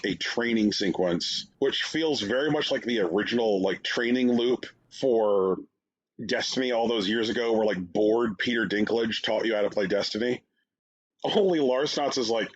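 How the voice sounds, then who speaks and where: A man's voice: fairly low pitch, husky. A man co-hosting a podcast, telling long sarcastic stories in casual chat, full of fillers. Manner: rambling, sarcastic storytelling with many fillers. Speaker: podcast co-host. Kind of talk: casual chat reviewing games. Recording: dull lo-fi sound.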